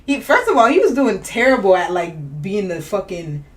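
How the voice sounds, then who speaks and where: A woman co-hosting a casual podcast chat, animated and laughing, acting out the people she talks about. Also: mid-range voice, moderate pace, far from the mic. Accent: Boston. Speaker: podcast co-host.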